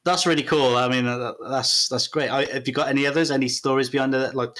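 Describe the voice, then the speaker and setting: A Welsh man hosting a casual remote interview, asking questions with many ums and pauses. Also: mid-range voice, steady tone, fairly bright tone. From Wales. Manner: hesitant, many ums and uhs. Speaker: host. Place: home in Cardiff.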